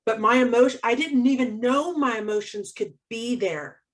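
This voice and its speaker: Picked up from a distance, a woman with a somewhat high voice speaks at a moderate pace. As co-host of a casual conversation, she tells a personal story with lots of energy, laughing frequently and performing the voices of the people she quotes.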